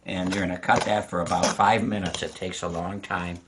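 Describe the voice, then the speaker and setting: A man's voice: low-pitched, level tone, fairly quick, noisy background. An older man giving a casual home cooking lesson to a child, patient and encouraging, explaining each step. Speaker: home cook teaching a grandchild. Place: home kitchen.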